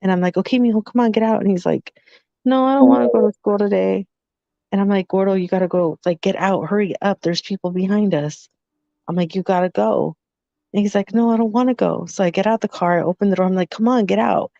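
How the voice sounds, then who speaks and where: A woman's voice: medium pitch, fast, no echo. A woman co-hosting a podcast, telling a family story in casual chat and acting out the voices in it. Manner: animated, acts out voices in her story. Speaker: podcast co-host. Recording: dull lo-fi sound.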